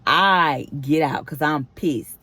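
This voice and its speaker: A woman with a low voice chats through a personal storytime in a casual way. She acts out the quoted lines of each exchange as she goes. The sound is dry and close, with no room around it. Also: takes it slowly, sharp tone, no echo. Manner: chatty retelling with acted-out quoted dialogue. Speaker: vlogger.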